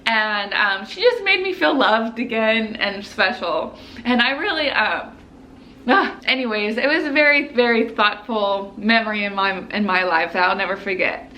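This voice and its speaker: A young woman in her twenties, a medical student, telling a personal story to camera in an animated, chatty way, full of "like" fillers. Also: medium pitch, moderate pace, a little hiss or hum.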